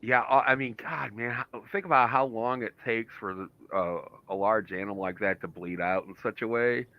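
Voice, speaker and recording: A man's voice: lowish voice, moderate pace, dull audio, a little hiss or hum. A man hosting a casual podcast chat, reading out viewer comments, laughing often and restarting his sentences.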